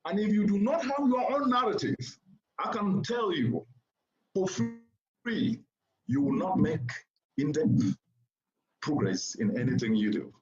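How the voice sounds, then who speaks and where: A man's voice: high voice, sing-song, a little slow, pauses often, darkish tone. A man giving a formal keynote address to a seated audience, speaking in an oratorical, emphatic way and repeating points for stress. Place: conference venue before a seated audience. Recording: roomy, slightly dull sound.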